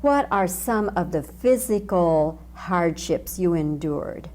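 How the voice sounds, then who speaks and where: A woman's voice: lowish voice, animated, takes it slowly, mellow, slight background noise. A woman hosting an interview, asking effusive, admiring questions. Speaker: interviewer, host.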